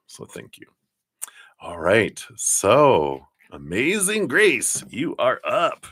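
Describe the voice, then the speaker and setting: A man giving tarot readings on a live stream, chatty and giggly, laughing often and talking warmly about spirit and love. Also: sits low, no room sound, clean studio sound. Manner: warm, affirming, spiritual talk. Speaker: tarot card reader.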